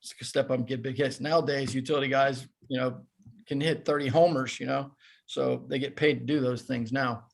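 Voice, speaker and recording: A man in his fifties, a former baseball player, telling animated, self-deprecating stories as a podcast guest. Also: mid-range voice, brisk, gravelly. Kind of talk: casual storytelling.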